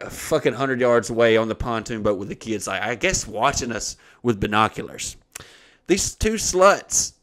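A man hosting a podcast, telling a profane, animated story in casual comedic style. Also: on the high side. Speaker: podcast host.

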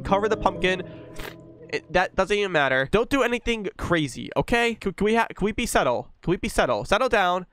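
A young man commentates a horror game with loose, joking profanity, scolding a baby in the game. His voice is clear and smooth, sitting a little high. It swings up and down a lot as he talks. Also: a bit bright. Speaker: gaming YouTuber. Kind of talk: let's play commentary.

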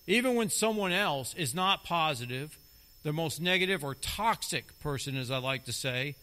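A middle-aged lay preacher delivers a sermon emphatically, repeating key phrases for stress. His voice is a little high, bright, and forceful.

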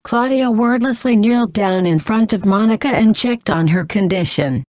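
A woman narrating a novel in a flat reading that says punctuation aloud. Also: medium pitch, normal speed, no room sound, studio quality.

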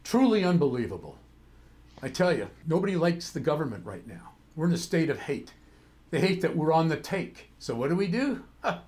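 A man's voice: on the high side, big pitch swings, fairly quick, darkish tone. A man playing a weary, cynical older senator and father, grumbling with sardonic exasperation in a stage play. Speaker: actor in a play.

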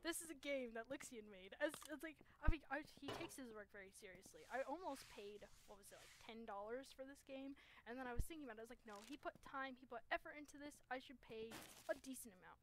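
A woman's voice: high-pitched, noisy background. A woman playing a horror game at home, nervous and jumpy, talking through her fear with shaky laughs. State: shaking, frightened. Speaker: gamer. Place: home gaming setup.

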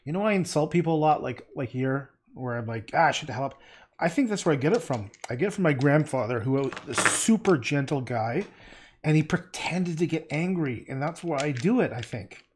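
A man's voice: a little high, animated, a little fast, a little hiss or hum. A man painting on a livestream, rambling and muttering to himself, tossing in playful nonsense words and casual swearing. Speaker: painter streaming live.

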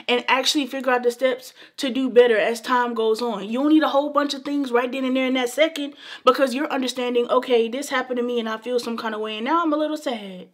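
A young woman talking earnestly to camera in a vlog, emphatic and repetitive, calling her viewers baby and y'all. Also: a little high. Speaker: beauty vlogger. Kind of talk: casual heartfelt talk to camera.

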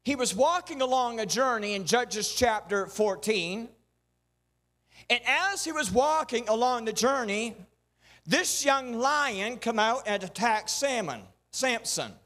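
High-voiced folksy male pastor preaching. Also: lively intonation, slow pace, bright, forceful tone. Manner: folksy preaching with rhythmic repeated refrains. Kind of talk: sermon.

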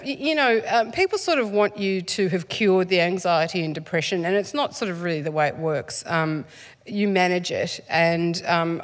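A woman, an author guest, talking in a live stage interview, chatty and self-deprecating with frequent laughs and ums. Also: fairly low pitch. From Australia, born in England.

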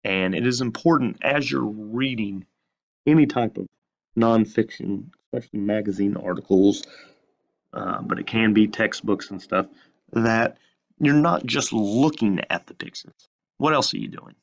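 A man teaching a recorded lesson at an unhurried pace, his lowish voice edged with gravel. He poses questions to his class and then answers them himself, leaning hard on key words. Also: highs cut off. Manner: slow, emphatic, asks questions and answers them.

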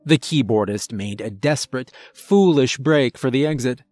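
Male horror-story narrator, mid-pitched, measured and dramatic, dry close recording with faint music underneath. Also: a little mellow, no echo. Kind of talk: scripted first-person horror narration.

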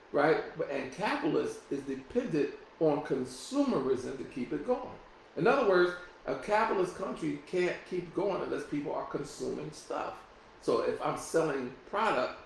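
A man's voice: fairly high pitch, creaky, very echoey, slight background noise, low-quality recording. A male pastor preaching a sermon, reading from his notes with many restarts and asides. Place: church sanctuary.

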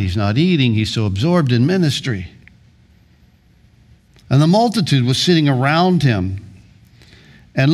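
A man's voice: medium pitch, expressive, normal speed, long pauses. A male pastor preaching a sermon in a church, earnest, often restarting his words. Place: church sanctuary.

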